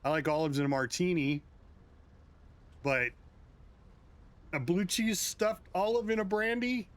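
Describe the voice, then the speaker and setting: A US game streamer speaks a little slowly in a high-sitting voice with fairly even intonation. He casually chats with live viewers, meeting their comments with chuckles and asides.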